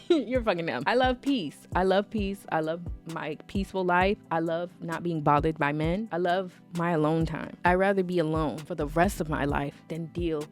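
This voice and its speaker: A woman vlogger telling a casual story time with animated, sassy emphasis. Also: fairly low pitch, moderate pace, few pauses, soft background music.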